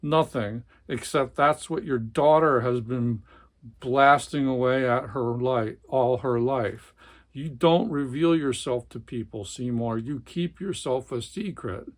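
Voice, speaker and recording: A man's voice: mid-range voice, slow, natural voice. A man voicing a harsh, accusing older brother, a surgeon who cuts down his sibling, in a novel reading. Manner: cutting, accusing.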